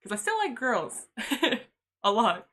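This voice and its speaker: A woman's voice: on the high side, very animated, takes it slowly, pushed and bright. A young woman livestreaming, talking candidly and casually, laughing often and swearing freely.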